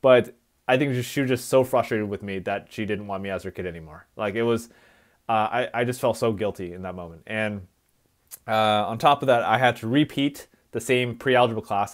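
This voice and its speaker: A man's voice: fairly low pitch, fairly quick. A man who speaks at schools, telling his life story in a reflective, conversational way on a live stream. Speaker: motivational speaker.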